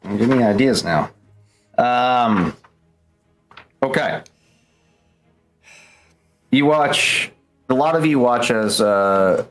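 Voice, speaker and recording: A man narrating as game master of a tabletop role-play, loose and casual with lots of fillers. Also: fairly low pitch.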